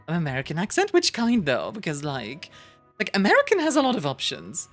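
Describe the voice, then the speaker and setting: A woman's voice: on the low side, huge pitch swings, brisk. A woman streamer chatting casually with her viewers, giggly and rambling, with lots of restarts. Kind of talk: casual chat reading viewer messages. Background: quiet background music.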